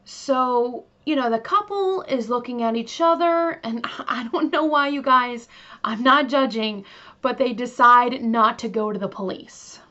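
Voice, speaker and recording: A woman's voice: a little high, measured pace, pushed and bright. A woman hosting a true crime show, telling the case in a chatty, casual way with lots of fillers and asides to her listeners. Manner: chatty, many fillers, talks to listeners directly. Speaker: true crime podcast host. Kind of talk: casual storytelling. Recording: slightly dull lo-fi recording.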